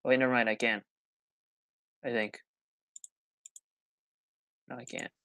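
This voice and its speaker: Bright-voiced man hosting a livestream. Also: mid-range voice, flat delivery, takes it slowly, creaky, no room sound. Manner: joking and teasing while fumbling with call settings. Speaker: livestream host. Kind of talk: casual chat over a voice call.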